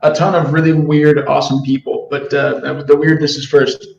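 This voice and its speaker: A man's voice: a little high, level tone, normal speed, vocal fry, darkish tone, dull audio. A man co-hosting a casual community chat, laid-back and friendly, with casual swearing. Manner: easygoing, casual swearing, urges care. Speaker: studio team member co-hosting AMA. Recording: echoey voice chat.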